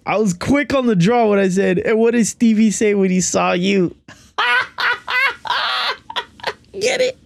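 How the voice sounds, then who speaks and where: A man hosting a podcast in casual chat, excitable and given to repeating himself. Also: sits high, moderate pace, creaky, few pauses, dry recording. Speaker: podcast host.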